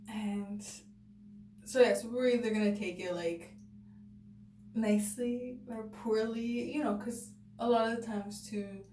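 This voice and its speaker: A woman's voice: fairly high pitch, fairly even intonation, unhurried, dark tone. A young woman telling a personal story to camera in a chatty way, filling her talk with "like" and "you know" and acting out what people said. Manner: chatty, full of "like" and "you know", acts out quotes. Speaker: vlogger. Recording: echoey room, mic at a distance, faint noise.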